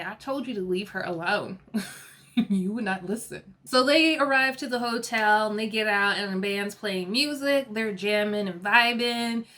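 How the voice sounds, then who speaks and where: A woman's voice: mid-range voice, a bit bright. A young woman giving a casual, gossipy and opinionated recap of a reality TV episode.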